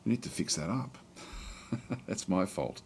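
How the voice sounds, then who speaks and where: A man giving relaxed let's play commentary on a strategy game, thinking aloud with many fillers and restarts. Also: sits low, measured pace, slight background noise.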